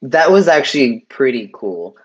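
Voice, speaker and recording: A man's voice: mid-range voice, sing-song, normal speed, husky. Guy guest chatting about a movie, dry jokes, kinda muffled sound. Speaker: podcast guest. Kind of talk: casual movie-review chat. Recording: dull lo-fi sound.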